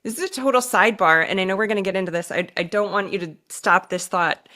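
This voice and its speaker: A woman's voice: mid-range voice, fast, sharp tone. Conversational woman hosting an interview. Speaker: host.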